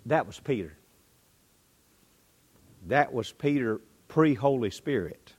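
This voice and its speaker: A man preaching a sermon, swinging between loud bursts and quiet drops. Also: animated, takes it slowly, slightly rough. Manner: dynamic delivery, pitch and volume rising and dropping.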